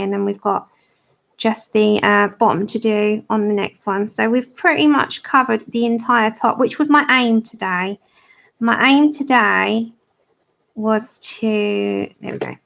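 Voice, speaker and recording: A woman's voice: fairly high pitch, vocal fry, fairly bright tone. A woman hosting a colouring livestream, chatting casually and explaining each step as she works. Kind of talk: casual tutorial chat while colouring. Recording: dull lo-fi livestream audio.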